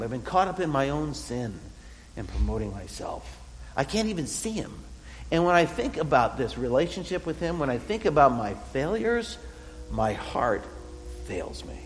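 Expressive preacher in a reverberant hall. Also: male voice, a little high. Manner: earnest, expressive, acts out voices of the psalmist. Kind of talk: sermon.

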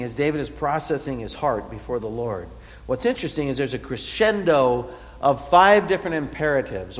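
Expressive preacher in a reverberant hall. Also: male voice, mid-range voice. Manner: earnest, expressive, acts out voices of the psalmist. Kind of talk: sermon.

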